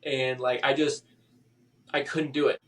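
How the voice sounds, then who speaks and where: Male guest, mid-pitched, halting emotional storyteller, slightly distant mic. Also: flat delivery, fairly bright tone. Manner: halting, emotional, with many restarts and fillers. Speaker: podcast guest. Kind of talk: personal story in a podcast interview.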